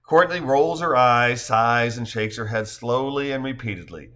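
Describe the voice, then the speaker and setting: A man narrating a novel in an expressive, storytelling way. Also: mid-range voice, normal speed, few pauses. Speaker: audiobook narrator. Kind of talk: scripted narration.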